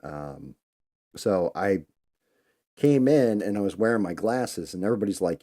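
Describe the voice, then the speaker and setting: Deep-voiced man telling rambling stories. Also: expressive, normal speed, dark tone. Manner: rambling, loose, conversational. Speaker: host. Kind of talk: casual live-stream storytelling.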